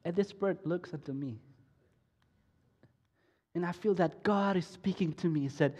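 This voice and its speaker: A man giving an emotional personal testimony sermon at a school week of prayer, swinging from soft to loud and slow, often repeating and restarting phrases. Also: high-pitched. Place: school worship hall. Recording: echoey hall.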